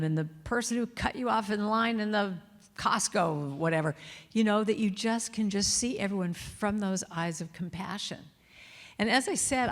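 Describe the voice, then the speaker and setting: A middle-aged woman giving a talk at a church, telling stories and softly singing lines of her chants. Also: medium pitch. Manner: warm storytelling, sings lines softly. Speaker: guest speaker and singer. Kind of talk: sermon with sung chants. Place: church sanctuary. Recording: long hall reverb.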